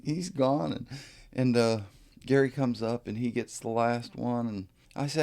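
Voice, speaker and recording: A man's voice: medium pitch, a little slow, dark tone. A man hosting a podcast, telling a casual story in an easygoing way and chuckling often. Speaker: podcast host.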